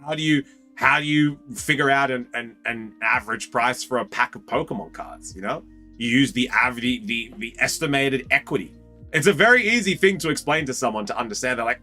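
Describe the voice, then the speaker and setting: A man's voice: mid-range voice, expressive, a little fast, pushed and bright, faint music behind. A young Australian man chatting casually on a card-opening stream, rambling and slangy and often repeating himself. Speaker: streamer opening trading cards. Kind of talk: casual live chat.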